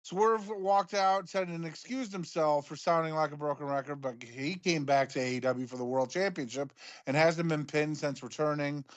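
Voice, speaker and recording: A man co-hosting a wrestling podcast, recapping events quickly in a run-on, casual way. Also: fairly high pitch, dull audio. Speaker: wrestling show co-host. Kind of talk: recapping a show in casual chat.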